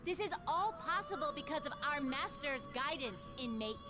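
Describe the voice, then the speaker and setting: A woman's voice: high-pitched, expressive, moderate pace. An actress playing a harsh young female prison warden who snaps orders. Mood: bossy. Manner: bossy, snapping orders. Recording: game audio with music behind.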